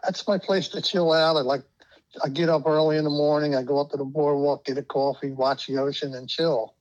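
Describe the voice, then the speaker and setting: A man's voice: fairly high pitch, fairly even intonation, a little fast, a little mellow, highs cut off. A man, telling stories to a friend and laughing as he goes. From Darby, Pennsylvania. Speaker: guest. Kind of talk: storytelling.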